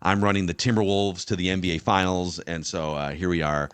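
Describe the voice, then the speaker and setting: Low-voiced man hosting a sports podcast. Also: steady tone, clean tone, dry recording. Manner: brisk and organized, steering the talk. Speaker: podcast host.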